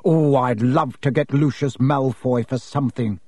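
A man voicing an excitable middle-aged wizard father, slow and eager in his speech. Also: medium pitch, no room sound, lightly acted. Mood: grim.

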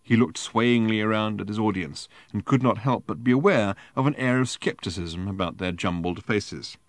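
Male audiobook narrator, lower voice, dry close sound, measured storytelling. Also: no echo. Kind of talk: scripted narration.

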